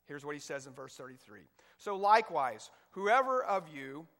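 A man's voice: a little high, very animated, normal speed, a bit bright, long reverb tail. A male pastor preaching a sermon, emphatic, reading scripture aloud between points, with an occasional cough. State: coughing now and then.

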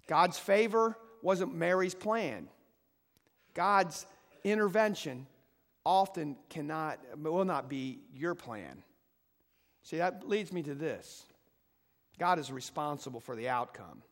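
A man's voice: a little high, lively intonation, slow, pauses often, long reverb tail. A male pastor preaching a sermon to his congregation, building to emphatic peaks and leading them in call and response. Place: church sanctuary.

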